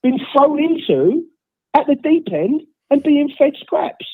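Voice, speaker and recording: A man's voice: very high-pitched, very animated, takes it slowly, dry recording. An unwell man calling in by phone, ranting bluntly about his football team. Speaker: caller. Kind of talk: phone-in rant. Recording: tinny phone line.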